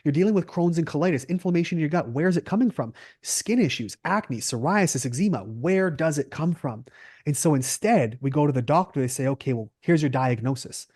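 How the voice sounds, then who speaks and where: Canadian man, nutritionist guest, emphatic and questioning, warm tone, dry close sound. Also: on the high side, fairly quick, breathy edge, no room sound. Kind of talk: podcast interview.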